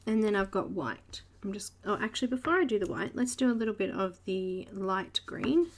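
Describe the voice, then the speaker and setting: Woman, Australian accent, slightly gravelly, chatty live art tutorial, talks through each step. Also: mid-range voice, lively intonation, moderate pace. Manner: chatty, narrates each step and greets viewers by name. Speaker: host of a live coloring stream.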